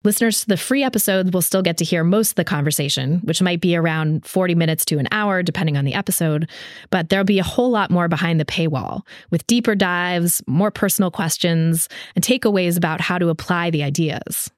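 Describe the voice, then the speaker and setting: A woman hosting a podcast, reading a measured, reflective monologue from a script while her voice is a little sick. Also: fairly low pitch, no room sound, clean studio sound. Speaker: podcast host.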